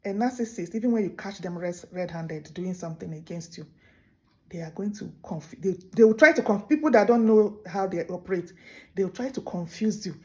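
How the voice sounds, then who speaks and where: A woman hosting a show, telling a folk tale in an animated, casual way with many restarts. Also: medium pitch, fairly quick. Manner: animated, full of restarts and laughs. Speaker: host. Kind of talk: casual storytelling to camera.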